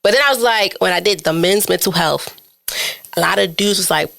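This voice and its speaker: Bright-voiced young woman podcast host. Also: fairly low pitch, fairly quick, gravelly. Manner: animated, chatty, acts out her own inner voice. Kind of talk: casual podcast chat.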